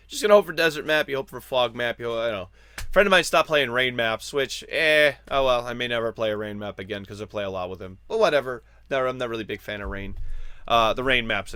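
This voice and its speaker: An American man hosts a gaming news show in a dry, close-miked recording. He moves from a scripted news read into loose, rambling chat that pokes fun at himself. His voice sits at an ordinary middle pitch. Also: clean tone, no echo. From United States. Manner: lively, rambling and self-deprecating in casual parts.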